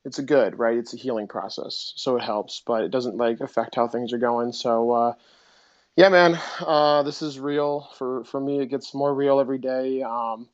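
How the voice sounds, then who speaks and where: Man co-host, casual and heartfelt, mid-pitched voice, dull online sound. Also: normal speed. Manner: loose, heartfelt, swears casually. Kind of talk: casual chat.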